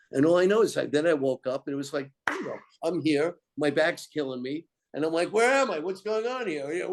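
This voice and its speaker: Male guest, higher voice, meandering spiritual storyteller. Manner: meandering, animated, tangential.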